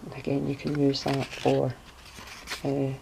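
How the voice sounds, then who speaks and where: In a relaxed, chatty manner, a woman with a strikingly low, vocal-fried voice walks through her handmade journal. She stops to search for words and corrects herself along the way. The recording is rough, with a faint hum of noise beneath her.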